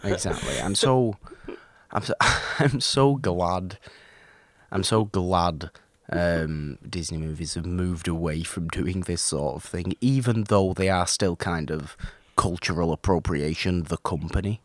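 A man's voice: sits low, a little slow, no echo. A man co-hosting a casual film discussion, rambling and often restarting his sentences. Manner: rambling, self-interrupting, animated.

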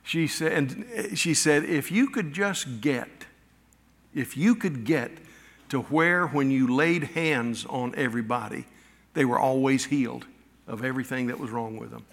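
A middle-aged male pastor preaching a sermon, telling personal stories with halting restarts and acted-out quotes. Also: mid-range voice, creaky, fairly bright tone. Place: church sanctuary. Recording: long reverb of a church hall.

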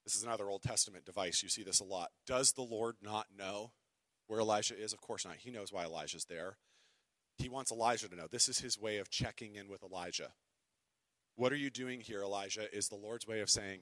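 This pastor, a man with a lowish voice, preaches fairly quickly on a dry recording. Wry asides pepper his sermon, and his scripture readings are theatrical, moving between booming proclamation and quiet whispers.

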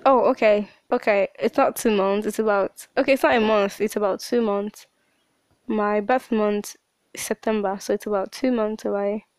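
A woman's voice: mid-range voice, steady tone, normal speed, darkish tone, no room sound. A woman in her late teens hosting a podcast, talking through a rambling, emotional personal monologue. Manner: emotional, rambling, with frequent restarts. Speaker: podcast host.

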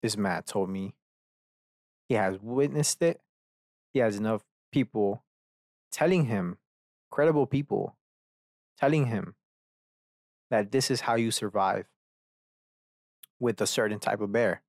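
A man's voice: on the low side, a little slow, long pauses, darkish tone, no echo, clean studio sound. A young man hosting a casual rant podcast, telling a rambling, profane story and acting out characters as he goes. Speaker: podcast host.

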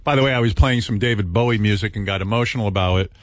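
A man's voice: fairly low pitch, rapid-fire, dry recording. A man hosting a radio show, bantering casually and rambling as he gropes for words. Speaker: radio host. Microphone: studio microphone.

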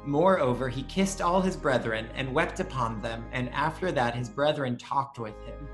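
A man reading old scripture aloud in a measured, deliberate way, then trading jokes in casual chat as a podcast co-host. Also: mid-range voice, soft background music.

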